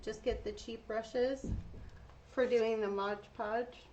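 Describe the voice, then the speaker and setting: A woman's voice: a little high, fairly even intonation, slow, darkish tone. A woman hosting a casual painting tutorial, chatting to her viewers while she works. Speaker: craft tutorial host. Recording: dull lo-fi sound with faint noise.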